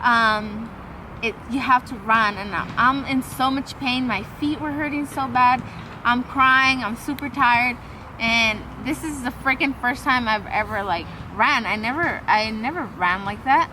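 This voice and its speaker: Her voice on the high side and a little slow, a young woman vlogs a long personal story casually and with plenty of swearing, voicing the dialogue of the people involved. The background is noisy.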